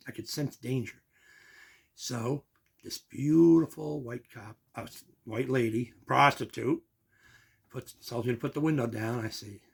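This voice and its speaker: A man's voice: mid-range voice, creaky, slightly rough. An older man, telling a long personal story and acting out the quoted voices.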